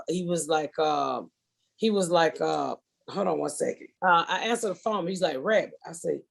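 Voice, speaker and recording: A woman's voice: deep voice, moderate pace, vocal fry. A middle-aged woman, hosting a podcast and telling a comedic story with profanity, acting out both sides of a phone call. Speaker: podcast host.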